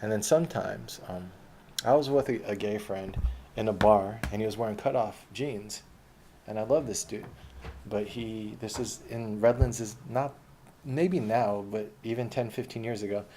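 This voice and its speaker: A man's voice: fairly low pitch, creaky, dark tone. A man telling a long personal story in a casual, rambling, profane way.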